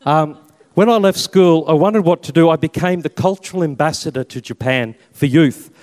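An Australian man in his fifties, a Catholic priest, tells his life story to an audience with a chatty, self-mocking warmth. His voice sits somewhat high for a man. A long hall reverb trails his words. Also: moderate pace. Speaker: Catholic priest and army chaplain. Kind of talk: personal testimony talk with slides.

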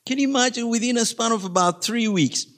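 A man's voice: extremely high pitch, fast talker, fairly bright tone. A middle-aged man giving a humorous faith talk to a school audience, chatty and laughing, often asking the listeners questions. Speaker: guest speaker.

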